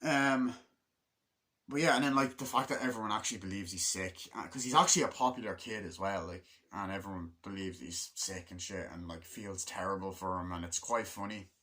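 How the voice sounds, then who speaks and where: A man with a fairly low voice talks through a film in a loose, unscripted review. He rambles from scene to scene, swears constantly and slips into playing out the moments he describes. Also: a little fast, pushed and bright. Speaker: movie reviewer. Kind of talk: casual movie review.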